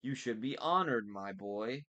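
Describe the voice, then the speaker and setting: A man reading aloud and voicing a menacing, gloating monster posing as a vice principal, speaking slowly and deliberately. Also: medium pitch, lively intonation, a bit bright, lo-fi sound. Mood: gloating menace. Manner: slow, deliberate, mocking.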